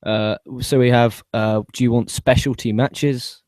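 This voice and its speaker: A man co-hosts a casual chat, reading questions aloud and laughing along. His voice sits at mid pitch and sounds close and dry. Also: steady tone, measured pace, a little mellow, no room sound. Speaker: podcast co-host.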